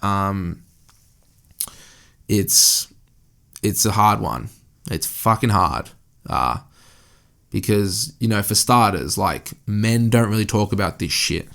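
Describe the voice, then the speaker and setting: A man's voice: lowish voice, slow, vocal fry, pauses often, fairly bright tone. A young man hosting a solo podcast, talking candidly in a rambling way and swearing often. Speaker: podcast host. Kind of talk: casual solo podcast monologue. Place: indoor room.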